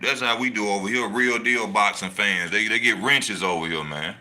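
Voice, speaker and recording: Boxing channel host, man, very bright tense voice, animated slangy delivery that hammers each point home. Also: lowish voice, normal speed. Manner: animated, slangy, repeats his points for emphasis. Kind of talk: casual boxing talk, reading live chat.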